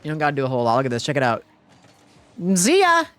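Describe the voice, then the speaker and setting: A man's voice: mid-range voice, racing, clean tone, soft background music. A young man streaming a game live, talking casually to his chat and teammate, muttering and then bursting into frustrated outbursts. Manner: swings between muttered calm and frustrated outbursts. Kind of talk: live gameplay streaming commentary.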